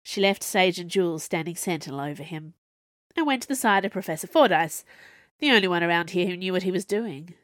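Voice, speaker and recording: A woman's voice: on the low side, expressive, brisk, a bit bright, no echo, studio quality. A woman reading an audiobook in a wry, conversational narrating voice. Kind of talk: scripted narration.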